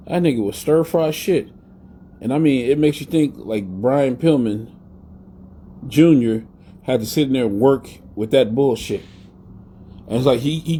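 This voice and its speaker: A man's voice: a little high, warm tone. Guy ranting live about wrestling, cusses a lot, darkish voice, bit of hiss. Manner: blunt, profane, rambling. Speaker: podcast host. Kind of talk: casual live-stream rant.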